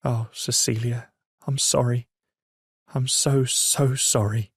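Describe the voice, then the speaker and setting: A man's voice: mid-range voice, steady tone, takes it slowly, husky, no echo, studio quality, voice pushed up. A man voicing a tearful pleading young boy.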